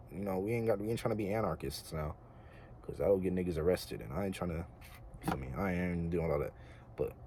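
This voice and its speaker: Young man, deep mellow voice, earnest and rambling casual monologue, faint room hiss. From United States. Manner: earnest, rambling, slangy with filler words. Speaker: vlogger.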